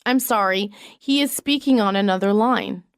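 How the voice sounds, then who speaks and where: A woman reading business English sentences aloud in a measured, clearly enunciated way. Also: mid-range voice, no room sound, studio quality. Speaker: English phrase reader. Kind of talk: slow read-aloud example sentences.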